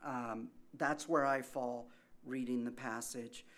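Male pastor, mid-pitched voice, chatty sermon delivery, rhetorical questions, soft asides that turn emphatic. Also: steady tone, slow. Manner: conversational, asks rhetorical questions.

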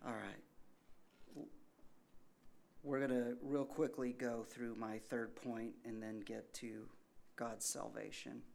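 Male pastor, mid-pitched voice, chatty sermon delivery, rhetorical questions, soft asides that turn emphatic. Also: vocal fry. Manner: conversational, asks rhetorical questions.

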